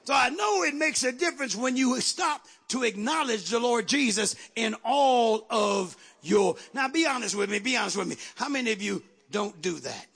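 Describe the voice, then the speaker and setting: A man preaching a sermon in a church, calling out to the congregation and rising to shouts. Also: very high-pitched, expressive, normal speed, few pauses, slightly rough. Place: church sanctuary.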